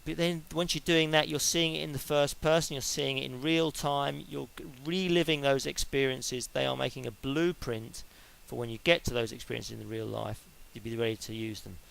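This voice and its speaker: A man's voice: medium pitch, steady tone, moderate pace, vocal fry, few pauses, a bit bright, low-quality recording. A middle-aged man giving an informal lecture on sport psychology, chatty and explaining step by step with everyday examples.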